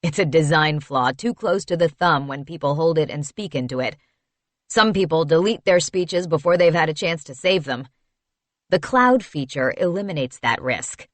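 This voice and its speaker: A woman's voice: deep voice, animated, moderate pace, no room sound, pitched below the performer's own voice. Woman voicing a cheery nerdy young salesman. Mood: eager. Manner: eager, knowledgeable sales patter.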